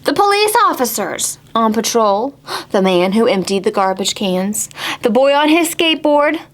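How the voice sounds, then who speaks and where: A woman librarian reading a picture book aloud to preschoolers, expressive and animated, sometimes dropping to a whisper. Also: on the high side, normal speed. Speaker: children's librarian.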